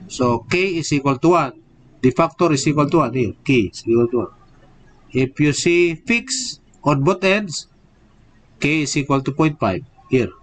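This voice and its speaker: A man's voice: medium pitch, a little hiss or hum, rough recording. A male engineering professor giving a live-streamed lecture, drilling each point and checking in with "okay?" and rhetorical "what?".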